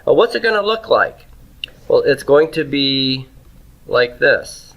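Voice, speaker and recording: A man lectures a classroom on grammar in an unhurried, deliberate way. His voice has a bright, forward edge. He questions the class, answers himself and keeps checking in with "okay?" as he writes on the board. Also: medium pitch, sing-song, poor audio. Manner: writes on a board while he talks; frequent "okay?" and "right?" checks. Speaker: Hebrew teacher.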